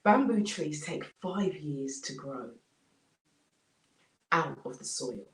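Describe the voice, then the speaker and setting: A woman's voice: low-pitched, animated, slow, a bit bright. A woman motivational speaker telling an inspirational story with dramatic repetition. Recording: roomy, distant mic.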